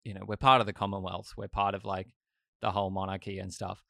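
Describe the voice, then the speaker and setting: A man from Australia with an Australian accent, chatting casually in a blunt, animated way. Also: sits low, quick pace, vocal fry, no echo, clean studio sound. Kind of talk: casual chat.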